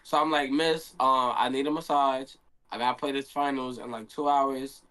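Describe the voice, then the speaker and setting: A man's voice: mid-range voice, fairly even intonation, normal speed, bright, forceful tone. A young man, a handball player, telling a story in a casual stream Q&A and acting out his own quotes.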